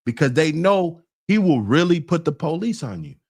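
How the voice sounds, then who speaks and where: A man's voice: fairly high pitch, animated, normal speed, a crowd in the background. Laid-back rambling male host. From United States. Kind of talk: casual street talk.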